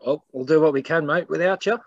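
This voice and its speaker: A man with an Australian accent hosting a casual sports podcast, chatting in relaxed, matey banter. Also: fairly high pitch, fast talker, muffled recording. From Queensland. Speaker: podcast host.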